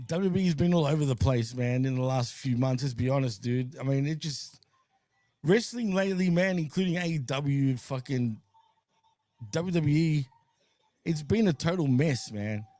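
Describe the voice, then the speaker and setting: A man's voice: medium pitch, moderate pace, dark tone, no room sound. A man hosting a casual wrestling watch-along stream, laid-back and swearing, tacking "man" and "bro" onto his sentences. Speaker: host.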